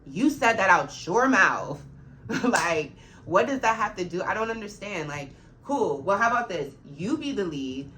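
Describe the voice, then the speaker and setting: A woman's voice: medium pitch, very animated, measured pace, a bit bright, slight background noise. A woman who works as an after-school program supervisor tells a work story straight to camera, getting heated, blunt and swearing freely as she vents.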